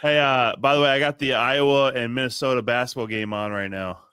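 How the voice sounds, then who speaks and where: A man co-hosting a casual podcast, talking quickly and bluntly and teasing the others. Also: mid-range voice, steady tone, bright, forceful tone, clear, resonant tone, no echo, clean studio sound. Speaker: podcast co-host. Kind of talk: casual chat.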